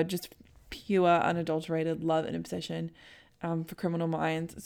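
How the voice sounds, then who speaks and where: A young woman hosts a podcast, chatting casually with a friend in a lowish voice with vocal fry. She laughs often and fills gaps with "um."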